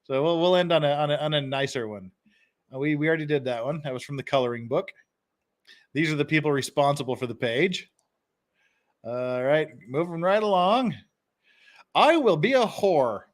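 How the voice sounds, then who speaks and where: A man's voice: fairly high pitch, brisk. A man hosting a casual live stream, reading phrases aloud and chuckling often.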